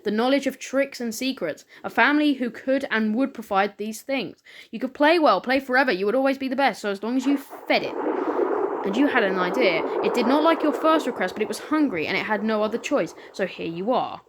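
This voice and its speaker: A woman with a somewhat high voice hosts a let's play, reading a text game aloud and breaking off for excited, casual asides. Her throat is sore, and steady background noise sits under the recording. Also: brisk. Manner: casual, excitable, reads dialogue with feeling.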